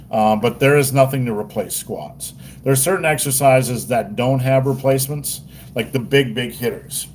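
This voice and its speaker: A man's voice: medium pitch, darkish tone, slight background noise. A man hosting a casual livestream, rambling and joking with crude language. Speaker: livestream host.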